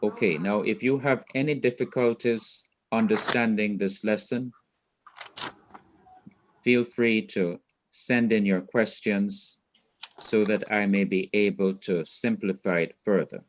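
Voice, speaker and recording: A man from Jamaica teaching a Hebrew grammar class online, explaining slowly and repeating his points. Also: on the low side, fairly even intonation, dull audio. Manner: slow, patient, repeats points.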